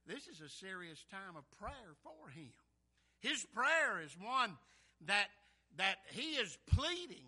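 Man, preacher, very high voice, sharp bright tone, fervent, repetitive sermon delivery. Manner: fervent, repeats words, rises loud on scripture and calls of "Amen?".

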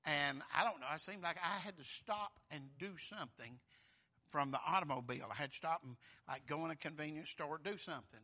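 A high-pitched male preacher with a forceful, piercing, tense voice. He delivers a sermon that swings from quiet asides to shouted, fervent peaks. He repeats phrases for emphasis and calls out to the room. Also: fairly quick.

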